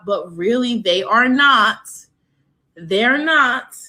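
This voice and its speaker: Bright, emphatic woman commentator. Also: fairly high pitch. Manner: incredulous, emphatic. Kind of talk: social media commentary.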